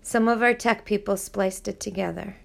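Brief: a woman doing a calm, blunt, world-weary man, level and measured, gravelly. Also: medium pitch.

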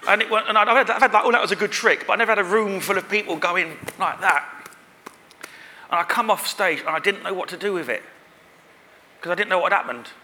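A man's voice: high voice, quick pace, pushed and bright. A man, a guest at a live podcast recording, telling a rambling, self-deprecating story on stage. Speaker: guest performer. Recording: live venue with long reverb.

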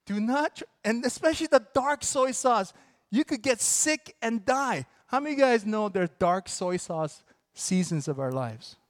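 A man preaching a sermon as pastor, moving between relaxed, joking asides to the congregation and emphatic, building declarations. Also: high voice, a little slow, no echo, studio quality. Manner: conversational and joking, with sudden emphatic bursts.

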